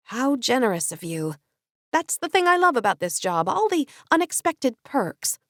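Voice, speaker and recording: A woman's voice: sits high, very animated, normal speed, fairly bright tone, no room sound, studio quality. Woman doing a quippy young woman adventurer. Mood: wry. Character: impulsive young woman adventurer, quick-witted.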